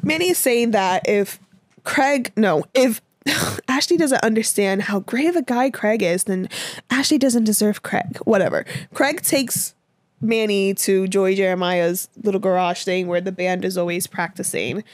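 A young podcast co-host recaps a TV episode in a mid-range voice, talking a little slowly. Her casual storytelling is animated, with plenty of cursing, filler words, and the phrase "this, that, and the fourth."

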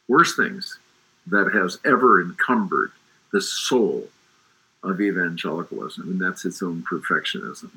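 A man's voice: fairly low pitch, bright, forceful tone, slightly rough, poor audio. A middle-aged man talking about faith in an emphatic, preacherly way, often restarting his sentences. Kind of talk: faith discussion.

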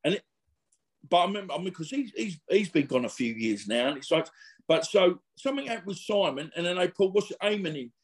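A middle-aged man who used to box tells rambling, slangy stories in a casual interview. His voice is high-pitched and a little breathy, and he talks fast with lively intonation. He's chatty and laddish, wandering through his tales with plenty of fillers.

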